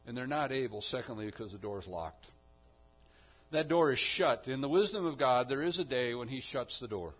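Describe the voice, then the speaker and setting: A man preaching a sermon on a Bible passage, moving between quiet explanation and loud, emphatic peaks. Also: medium pitch, lively intonation, brisk, breathy edge. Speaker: pastor. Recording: dull lo-fi sound.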